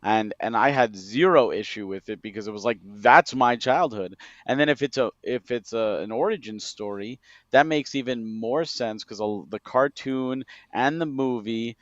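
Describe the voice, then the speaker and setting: A man in his forties co-hosting a podcast, explaining his view in long, steady sentences. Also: mid-range voice, normal speed, no room sound. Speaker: podcast co-host. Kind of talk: casual podcast chat. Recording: dull lo-fi audio.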